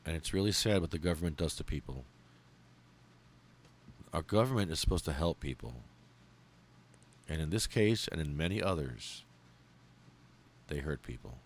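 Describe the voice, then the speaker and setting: A man hosting a podcast, reading out a memorial list in a heartfelt, angry way, swearing and pausing as he falters. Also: a bass voice, animated. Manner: heartfelt, angry and profane, with halting pauses. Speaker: podcast host.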